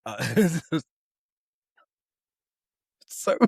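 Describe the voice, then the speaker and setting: A man's voice: a little high, expressive, drawn-out words, creaky, husky, dry recording, clean studio sound. Rambling, laughing man on a podcast. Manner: laughs often, rambling and profane. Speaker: podcast co-host. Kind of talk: casual chat.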